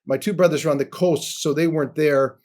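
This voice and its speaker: An older man in his sixties with a slightly higher voice than most men, telling his life story as a podcast guest. He talks earnestly and often sinks into a soft, low murmur. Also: fairly even intonation, fairly quick. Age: 60s. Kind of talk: personal testimony in a podcast interview.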